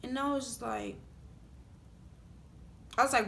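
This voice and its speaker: A woman telling a story to her vlog audience in a casual, animated way, swearing freely and growing loud when angry. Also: medium pitch, fairly quick, vocal fry, long pauses. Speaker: vlogger telling a story time.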